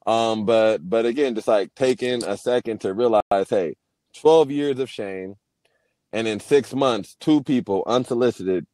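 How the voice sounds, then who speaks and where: A man's voice: medium pitch, a little slow, warm tone, no echo. A young man, a guest on a video call, talking candidly and reflectively, often restarting his sentences. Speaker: guest, Paralympic swimmer. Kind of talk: casual interview over video call.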